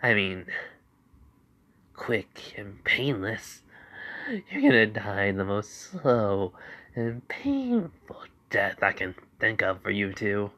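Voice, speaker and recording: A man voicing a cruel, taunting young male antihero who talks slowly and menacingly, sometimes in a whisper. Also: sing-song, pushed and bright, full character voice. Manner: slow, low and sinister, sometimes whispered.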